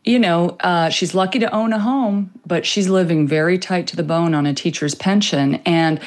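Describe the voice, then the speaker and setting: A woman speaking as a guest commentator in a panel discussion, passionate and impassioned, rushing ahead in bursts. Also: on the low side.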